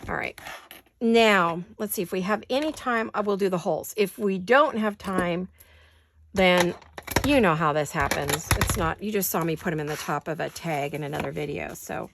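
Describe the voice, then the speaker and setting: A woman's voice: on the low side, moderate pace, gravelly, noisy background. A woman hosting a craft-along from her home studio, chatting and talking to herself in a rambling, playful way. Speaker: crafting channel host.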